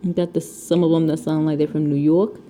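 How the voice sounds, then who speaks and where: A woman's voice: low voice, level tone, a little fast, warm tone, slight background noise. A woman from Connecticut, around her thirties, with a Connecticut accent, chatting and rambling casually at home while she crafts, picked up by the camera mic. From Connecticut, USA. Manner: rambling, chatty, laughs often. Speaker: crafting vlogger. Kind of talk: casual chat while diamond painting.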